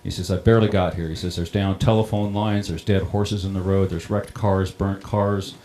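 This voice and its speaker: A middle-aged man who runs a town water system recounts a personal story in a plain-spoken, halting way. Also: low voice, little pitch movement, mellow. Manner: plain-spoken, halting, many ums and restarts. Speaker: water district operator on a panel.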